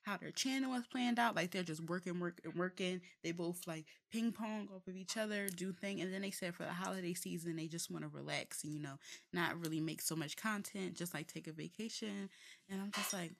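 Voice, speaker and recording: A woman's voice: on the low side, fairly quick, creaky. Chatty young woman telling a story. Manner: chatty, animated storytelling with frequent laughs; many fillers and restarts. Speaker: podcast co-host. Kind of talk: casual chat.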